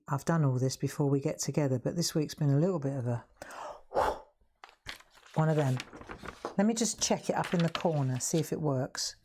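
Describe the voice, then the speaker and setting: Low-voiced chatty craft host. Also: female voice, darkish tone, slight background noise. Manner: chatty, laughs often, talks straight to viewers. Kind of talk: live craft demonstration.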